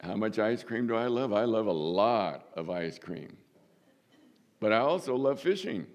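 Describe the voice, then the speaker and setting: An older man preaching a sermon as pastor, folksy and humorous, with sudden lifts in pitch for emphasis.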